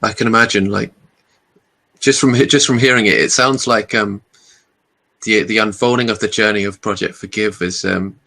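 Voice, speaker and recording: A man hosting an interview, reflecting slowly with many pauses and restarts. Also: on the low side, steady tone, pushed and bright. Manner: thoughtful, halting, with many restarts. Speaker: podcast host.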